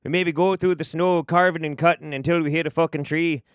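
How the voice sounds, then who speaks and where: A man voicing a brash troll from Michigan's Upper Peninsula, with a put-on Yooper accent, loud and swearing. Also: a little high, fairly even intonation, a little fast, clean tone, dry recording, clean studio sound, pitched above the performer's own voice, natural voice. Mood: taunting.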